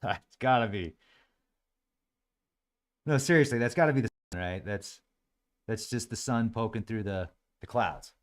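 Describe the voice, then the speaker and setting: A man hosting his own show, musing aloud and joking sarcastically as he comments on live webcam footage. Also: on the low side. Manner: musing, sarcastic, quick to laugh. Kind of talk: casual thinking-aloud commentary.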